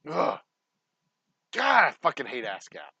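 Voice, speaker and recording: A man's voice: a little high, wildly swooping pitch, a little slow, vocal fry, bright, forceful tone, husky, no echo, highs cut off. A man, a distillery owner talking casually in a vlog, swearing heavily as he rants and rambles into stories. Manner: profane, ranting, heated. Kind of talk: casual behind-the-scenes vlog talk.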